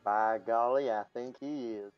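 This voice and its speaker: A man's voice: mid-range voice, fairly even intonation, a little slow, clear, resonant tone, highs cut off, faint music behind. A man narrating as game master of a tabletop role-playing game, playful and laughing often.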